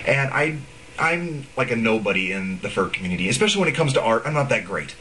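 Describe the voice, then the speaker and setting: A young man vents in a casual video blog, sarcastic and profane, his pitch leaping up and down as he rambles. Faint background noise sits under the recording. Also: big pitch swings, fast talker, sharp tone, rough recording. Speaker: video blogger. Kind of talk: casual ranting vlog.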